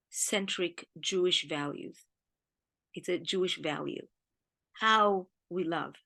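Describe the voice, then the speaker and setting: A woman's voice: fairly low pitch, vocal fry, a bit bright. A woman with an Israeli accent gives an earnest, grieving talk on the weekly Torah portion, speaking in short emphatic phrases. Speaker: Jewish teacher.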